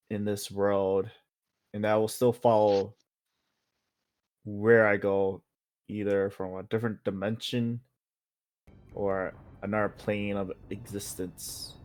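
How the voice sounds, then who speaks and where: A man speaking as his character, a defiant adventurer, in a solemn, measured way. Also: lowish voice, darkish tone.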